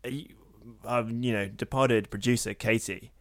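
A man's voice: mid-range voice, fairly even intonation, moderate pace, dry recording, studio quality. A man with an English accent with a slight American tinge, co-hosting a podcast in a jokey, rambling casual chat. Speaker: podcast co-host.

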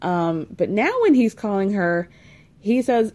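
Animated gossipy woman with mellow voice. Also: mid-range voice, unhurried. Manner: animated, gossipy, laughing often. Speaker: reality TV recap host. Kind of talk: casual recap chat addressing viewers.

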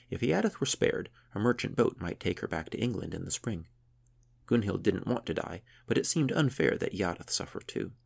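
A man narrating a historical tale in a measured, steady way. His voice sits very low and carries a gravelly fry. There is a husky grain to every line. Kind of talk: audiobook narration.

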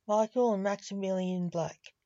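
A woman's voice: medium pitch, fairly even intonation, normal speed, mellow, no room sound, close to an everyday voice. A woman reading Max, young vampire. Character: young male vampire, anxious friend. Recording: dull, dry lo-fi audio.

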